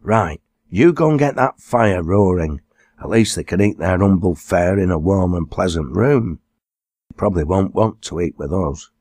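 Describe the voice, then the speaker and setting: A bossy but motherly farm wife, voiced by a man, speaking practically and briskly. The reading is close, with a dry sound. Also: sits low, expressive, a little mellow, dry recording.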